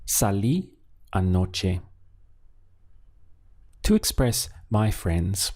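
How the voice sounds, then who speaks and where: A patient male language teacher speaks at a slow, unhurried pace, quizzing the listener and then answering himself. His low voice is gravelly and somewhat husky, with a dark, mellow tone. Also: expressive. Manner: patient, asks questions then gives the answer. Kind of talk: step-by-step language lesson.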